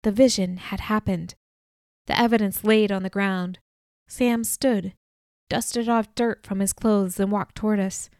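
A woman reads a first-person novel aloud at a measured storytelling pace. Her voice sits in a middle pitch range, recorded dry and close with no room sound. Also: steady tone, a little mellow, dry recording. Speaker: audiobook narrator. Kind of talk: scripted first-person narration.

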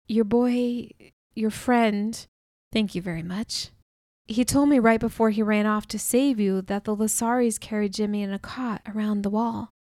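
A woman reading a remorseful gentle man. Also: medium pitch, fairly even intonation, normal speed, no echo, clean studio sound, close to an everyday voice. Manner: soft, subdued delivery.

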